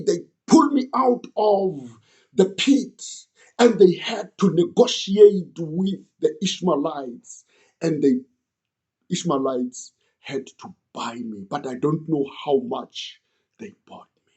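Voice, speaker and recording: A man's voice: a little high, warm tone. A young man earnestly retelling an old story in the first person, as if he lived it.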